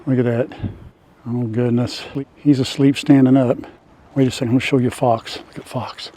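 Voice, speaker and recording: A man's voice: mid-range voice, flat delivery, moderate pace, dark tone. An older man narrating casually to viewers as he cleans out an old farm building, in a folksy, chatty way. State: coughing from dust at times. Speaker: farm vlogger. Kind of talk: casual narration while working. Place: old farm outbuilding and yard.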